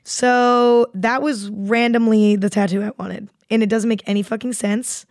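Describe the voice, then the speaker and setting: A woman's voice: a little high, fairly even intonation, unhurried, darkish tone, no echo. Rambling young woman podcast host, dry. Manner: rambling, swears freely. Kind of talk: casual chat.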